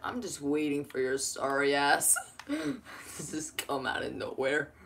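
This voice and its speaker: A woman playing a video game with a friend, teasing him and swearing, with a bright, forceful voice. She talks at an unhurried pace and keeps up casual banter. A faint hiss sits under her voice. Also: low-pitched, big pitch swings, vocal fry. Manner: teasing, swears, laughs often, sudden shouting.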